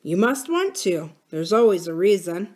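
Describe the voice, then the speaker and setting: Brief: woman reading a musing, gentle older farmer in an audiobook-style reading. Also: high-pitched, very animated, moderate pace.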